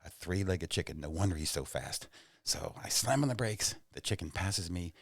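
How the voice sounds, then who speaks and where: Very deep-voiced man telling rambling stories. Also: normal speed, dry recording, clean studio sound. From Oklahoma, USA. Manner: animated, rambling, self-mocking. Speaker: guest, stand-up comedian. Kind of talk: casual storytelling and joke-telling. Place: podcast studio.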